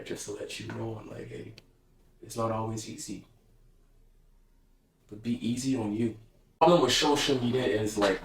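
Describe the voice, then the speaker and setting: A man's voice: fairly low pitch, reverberant, rough recording. A man speaking casually to camera in a reflective, heartfelt monologue, slangy and open. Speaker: vlogger.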